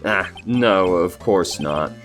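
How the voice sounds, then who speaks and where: A man's voice: low-pitched, lively intonation, takes it slowly, fairly bright tone, soft background music, exaggerated voice. A man doing a jittery young lawyer. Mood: nervous. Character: nervous young male defense lawyer.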